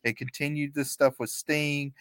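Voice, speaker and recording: Smooth-voiced man recapping casually. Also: a little high, normal speed, dry recording. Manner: relaxed play-by-play recap, chuckling often. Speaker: podcast co-host.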